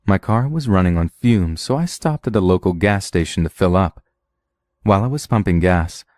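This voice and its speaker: A man's voice: deep voice, a little mellow, dry recording, studio quality. A man narrating a true horror story in a blunt, profane telling.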